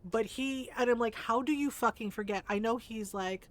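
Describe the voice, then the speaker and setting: Profane ranting woman streamer, higher voice. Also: moderate pace. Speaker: game streamer. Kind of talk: casual stream commentary.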